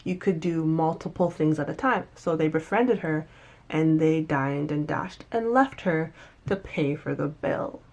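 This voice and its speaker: Woman, low-pitched, casual episode reviewer; animated, emphatic, chatty. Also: a little slow. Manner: animated, emphatic, with restarts and acted-out asides. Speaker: TV recap reviewer.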